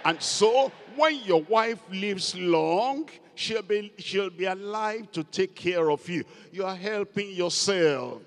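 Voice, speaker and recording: A man's voice: sits high, expressive, slow pace, few pauses. A man preaching a sermon as pastor, emphatic and repeating key words for stress. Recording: long hall reverb.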